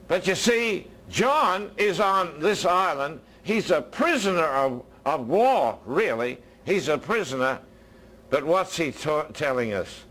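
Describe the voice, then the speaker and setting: An American man preaching a sermon as a minister, his voice dropping low and soft and then rising again. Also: expressive, slow pace.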